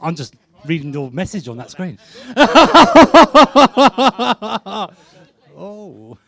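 Guy hosting a tech game night, high voice, excitable, laughing a lot. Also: slightly rough. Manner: excitable, laughing, quick countdowns. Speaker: host of a live tech meetup game. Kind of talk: lively game-show style hosting.

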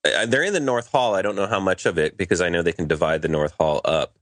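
Man, deep voice, podcast panelist, easygoing, explanatory, dry close mic. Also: quick pace, a bit bright, dry recording. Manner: explanatory, easygoing, thinks aloud. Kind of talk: casual panel chat.

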